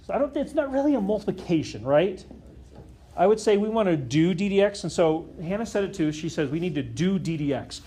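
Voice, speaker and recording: A man's voice: high voice, lively intonation, brisk, dark tone, slight background noise. Man teaching a classroom math lesson. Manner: questioning, checks in with students often.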